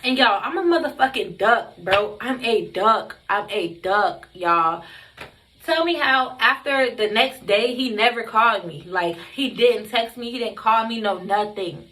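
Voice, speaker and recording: A woman's voice: a little high, lively intonation, a little slow, sharp tone. A young woman telling a story on her vlog, blunt and emphatic, cursing constantly. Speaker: vlogger.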